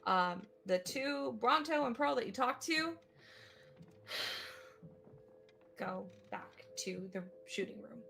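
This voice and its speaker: A woman running a tabletop game as game master, narrating at an unhurried pace with plenty of filler words. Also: mid-range voice, lively intonation, vocal fry, fairly bright tone, slight background noise.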